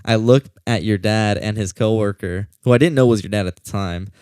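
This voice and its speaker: A man's voice: fairly low pitch, a little fast, darkish tone, clear, resonant tone, dry recording, studio quality. A young man, a security guard, casually telling a story in a rambling way, full of fillers and acted-out quotes.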